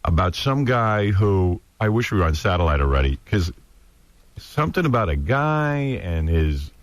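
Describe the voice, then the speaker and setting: A man hosting a radio show, chatting casually in the studio and acting out shouted conversations at a noisy party. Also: low-pitched, very animated, normal speed, dry recording. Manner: mimics shouted party chatter, cupping ear. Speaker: radio host. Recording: music playing loudly behind.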